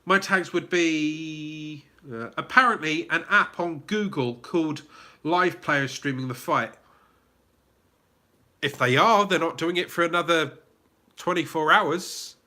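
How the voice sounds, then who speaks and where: A man from England with a southern English accent hosts a relaxed live Q&A stream, chatting, reading viewer comments out loud, and often restarting sentences with many fillers. He talks slowly in a fairly high, pushed and bright voice.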